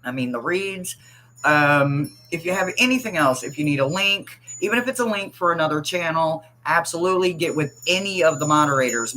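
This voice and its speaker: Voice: mid-range voice, a bit bright, slight background noise, low-quality recording. A tarot reader hosting a livestream, chatting casually, teasing viewers and laughing often while reading the chat aloud.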